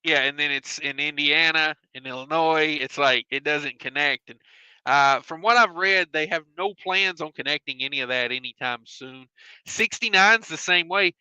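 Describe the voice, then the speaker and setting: A man's voice: fairly high pitch, sharp tone, clear, resonant tone, no echo, dull audio. A man hosting a trucking live stream, chatting casually and reading viewer comments aloud with easygoing fillers. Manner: easygoing, drawn-out filler sounds, reads chat aloud. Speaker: host of a trucking live show.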